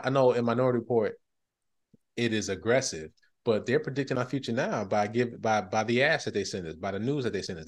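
A man hosting a podcast in casual chat, animated and breaking into loud excited bursts. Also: on the low side. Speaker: podcast host.

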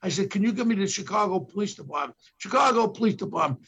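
His voice is high, a bit bright, and slightly rough, and he talks fast and animatedly, with the highs cut off in the audio. An older former detective with a New York accent, he tells police stories on a podcast, acting out others' words in emphatic bursts.

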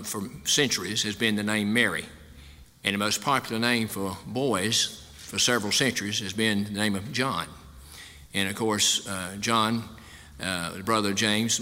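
Folksy preaching man with bright tone. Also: lowish voice. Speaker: pastor. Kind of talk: sermon. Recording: long hall reverb.

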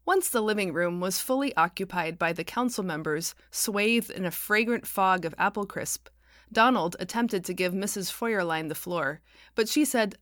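A woman author narrating her own novel as an audiobook, wry and expressive. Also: mid-range voice, normal speed, no echo, clean studio sound.

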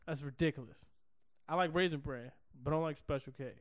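A man with a somewhat high voice banters as a podcast co-host, teasing and quick to laugh. He sounds relaxed and playful. The recording is dry and close. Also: dry recording. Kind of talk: casual chat.

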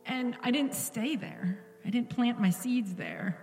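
A woman's voice: on the high side, takes it slowly, a little mellow, faint music behind. Earnest woman preaching in a reverberant church. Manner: earnest and intimate, drops to a whisper at times. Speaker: pastor. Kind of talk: sermon. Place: church sanctuary.

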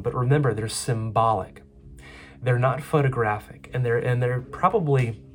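A man's voice: mid-range voice, slight background noise. A man preaching a sermon as pastor, earnest, often repeating and restarting words as he speaks.

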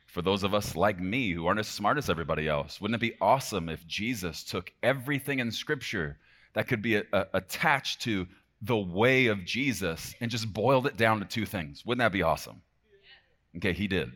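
Fervent deep-voiced preacher. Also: male voice, lively intonation, normal speed. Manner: fervent, swings between shouting and hushed emphasis; talks to the congregation directly with frequent "okay?". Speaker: pastor. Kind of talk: sermon.

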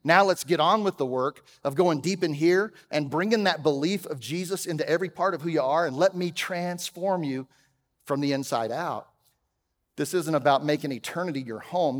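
Man preaching in a reverberant church. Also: fairly high pitch. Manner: conversational preaching, swings from loud emphasis to quiet; humorous asides. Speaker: pastor. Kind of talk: sermon. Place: church auditorium.

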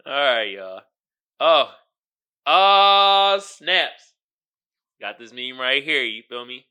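A man's voice: mid-range voice, big pitch swings, slow pace, sharp tone, clear, resonant tone. A man hosting his own podcast, talking casually in slangy commentary and often asking "you feel me.". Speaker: podcast host.

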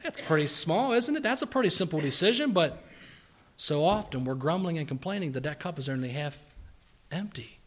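With a fairly high pitch and a fairly quick, animated delivery, this man preaches a sermon full of rhetorical questions and imitated grumbling. He shifts from quiet asides to sudden loud bursts.

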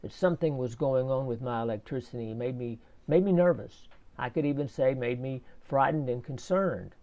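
A man slowly telling a personal faith story in a casual, halting way, often repeating his words. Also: medium pitch, warm tone, highs cut off. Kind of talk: casual spoken testimony.

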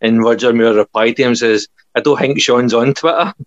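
A man's voice: medium pitch, a little fast, no echo, highs cut off. A Scottish man co-hosting a podcast, telling chatty stories and laughing often. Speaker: podcast co-host. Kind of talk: casual chat.

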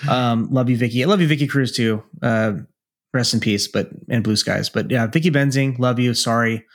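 Brief: male podcast co-host, loose and rambling, curses freely, mid-pitched voice. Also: moderate pace. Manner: rambling, profane, laid-back. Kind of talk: casual chat.

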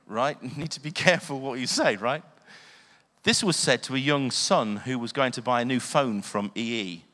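A man's voice: mid-range voice, animated, normal speed, fairly bright tone. A man preaching a sermon, earnest, often asking the listeners questions. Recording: long hall reverb.

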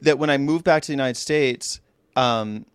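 A man's voice: mid-range voice, moderate pace, clear, resonant tone, no room sound. A man from California hosting a podcast, chatting casually in a meandering way that often breaks off and restarts. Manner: meandering, self-interrupting talk. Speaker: podcast host.

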